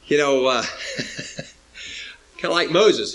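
A man's voice: lively intonation, unhurried, pushed and bright. A man preaching a sermon, emphatic and repetitive, sometimes acting out quoted speakers in a raised voice. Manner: emphatic, repeats phrases, rises to high pitch for emphasis; acts out quoted speakers in a higher voice.

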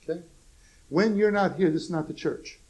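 Preacher, loud then soft. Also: male voice, moderate pace, low-quality recording. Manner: swings between soft, low asides and loud, emphatic exclamations, with folksy humor; chuckles at his own jokes. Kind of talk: sermon.

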